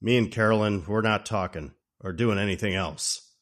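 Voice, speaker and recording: Podcast host quoting a flustered movie husband. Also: male voice, lowish voice, moderate pace, natural voice. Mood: bewildered. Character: dazed sitcom husband, adult man.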